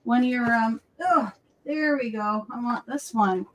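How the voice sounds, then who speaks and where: A woman's voice: on the high side, a little slow. A woman co-hosting a casual crafting livestream, chatting over a video call and telling stories, often switching into cooing baby talk for her dog. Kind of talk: casual chat.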